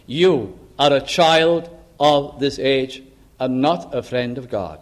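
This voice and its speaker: A man's voice: mid-range voice, slow pace. A man preaching a sermon, earnest and building to impassioned appeals.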